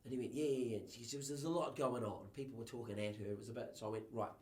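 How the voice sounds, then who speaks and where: A man in his fifties with a New Zealand accent, a guest on a podcast, telling lively stories and acting out the voices of people he quotes. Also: medium pitch, racing, echoey room. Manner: lively storyteller who acts out quotes in voices. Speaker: guest, TV presenter and communication coach. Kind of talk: casual podcast conversation.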